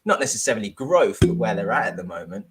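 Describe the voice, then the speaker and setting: Low-voiced male panelist who talks things through in an easy way. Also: expressive, quick pace, loud music behind the voice. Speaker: panel guest. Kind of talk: casual discussion.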